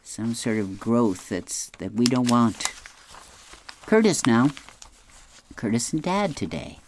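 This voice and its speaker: A woman's voice: extremely low pitch, sing-song, takes it slowly, a little mellow, a little hiss or hum. A woman reading newspaper comic strips aloud, describing each panel and chuckling at the jokes.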